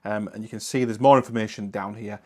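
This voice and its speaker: A man's voice: fairly low pitch, fast. Chatty northern English man reviewing. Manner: chatty, relaxed, with frequent ums and uhs. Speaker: host, product reviewer. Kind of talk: casual product review.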